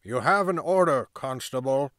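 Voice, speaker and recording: A stern town constable, formal and clipped in every order he gives, as a man reads him out. His voice sits at an ordinary male pitch, dry and close with no room around it. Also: animated, unhurried, dry recording, lightly acted.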